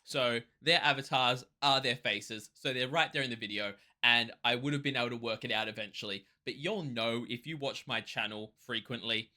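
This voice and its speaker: Bright-voiced excitable male reactor. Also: medium pitch. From Australia. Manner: excitable, rambling with quick restarts. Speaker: music reaction channel host. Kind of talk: casual reaction commentary.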